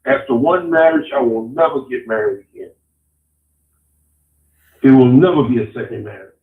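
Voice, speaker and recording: A man's voice: medium pitch, moderate pace, reverberant, narrow, tinny audio. A man with a Chicago accent calling into a talk show, blunt and laid-back, swearing casually. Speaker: caller. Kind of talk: casual phone-in chat.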